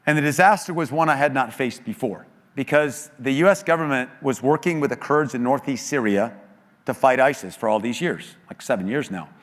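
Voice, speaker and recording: A middle-aged American man speaking at a church, telling an emotional story with earnest, animated delivery and quoted voices. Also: mid-range voice, fairly quick. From United States. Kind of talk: storytelling talk. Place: large church auditorium. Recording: long hall reverb.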